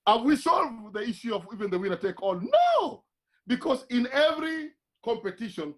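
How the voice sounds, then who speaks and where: A man's voice: very high-pitched, wildly swooping pitch, moderate pace, fairly bright tone. A man with a Kenyan accent, a guest on a church TV panel, making his points with emphatic, sermon-like exhortation.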